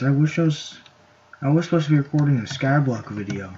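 A man giving excitable, rambling commentary while playing a video game, shouting at the game now and then. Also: mid-range voice, a little fast, a little hiss or hum. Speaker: gameplay YouTuber. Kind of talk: casual gameplay commentary. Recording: lo-fi mic with keyboard clicks.

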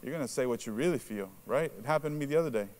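Very fast and darkish in tone, a man whose first language is Spanish gives a sermon in a conversational style. He asks the congregation questions, adds "right?" to points, and acts out quoted reactions in a lowered voice.

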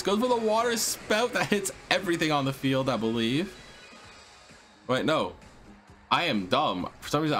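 Excitable man commenting on gameplay. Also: medium pitch. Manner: excitable, cursing, slangy, talks to viewers. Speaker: let's play host.

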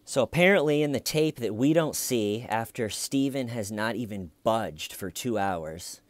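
A man's voice: mid-range voice, expressive, a little slow, dry recording. A man giving casual true crime commentary, musing aloud in a wry tone with hesitant restarts.

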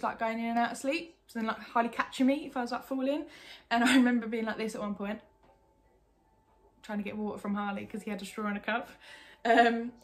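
A young woman from England telling a personal story in a casual, candid way, full of "like". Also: on the high side. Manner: chatty, lots of "like", candid and animated. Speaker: vlogger.

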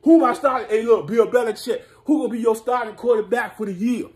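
A man ranting as a vlogger, excitable and boastful, with lots of street slang and frequent laughter. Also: very high voice, fast talker, soft background music. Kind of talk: sports hot-take rant.

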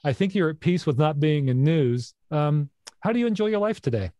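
A middle-aged man talks through an interview with an easy, reflective manner, laughing often. His voice sits a bit high, and the sound is dry and close, with no room around it. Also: expressive, fairly quick, mellow, dry recording. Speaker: podcast host. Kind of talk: casual interview chat.

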